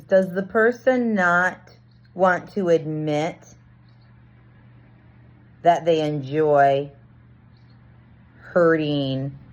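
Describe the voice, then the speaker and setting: A woman in a reflective personal monologue, earnestly working through a confusing experience and acting out bits of dialogue. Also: low voice. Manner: earnest, searching, reenacts dialogue. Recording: dull lo-fi recording.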